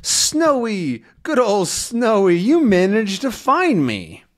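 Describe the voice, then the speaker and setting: A man reading out a brave young reporter from a comic in an excited, urgent voice. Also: extremely high pitch, moderate pace, pitched above the performer's own voice, exaggerated voice. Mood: relieved.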